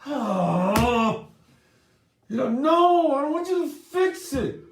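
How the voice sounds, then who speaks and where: A man's voice: expressive, unhurried, slight background noise. A man speaking as an upset, tearful woman who pleads to be heard instead of fixed. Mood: pleading. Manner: pleading, emotional high-pitched delivery. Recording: roomy echoey room.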